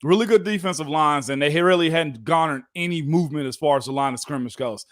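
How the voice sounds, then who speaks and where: Man, ex-player co-host, emphatic casual sports talk, higher pitch, dry studio mic. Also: fast talker, dry recording. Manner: emphatic, calls people man. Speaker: co-host, former football player.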